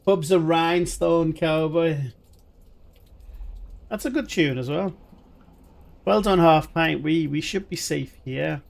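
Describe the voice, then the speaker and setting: A man's voice: fairly high pitch, takes it slowly, vocal fry, long pauses. A man live-streaming a video game, rambling chattily and talking to his chat viewers. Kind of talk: live gaming stream commentary.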